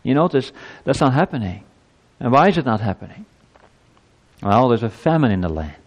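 A man's voice: medium pitch, big pitch swings, brisk, in a large hall, muffled recording. A man preaching a sermon to his congregation. He reads scripture with rising emphasis and asks earnest rhetorical questions.

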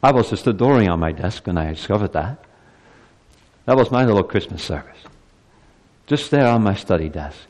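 A man in his fifties delivers a Christmas sermon in a church with a lively, swinging pitch. He drops to hushed asides and then climbs to loud, ringing peaks. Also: moderate pace, long pauses, big-room sound. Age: 50s. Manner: animated preaching, rising loud on climaxes, dropping to soft asides. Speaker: pastor.

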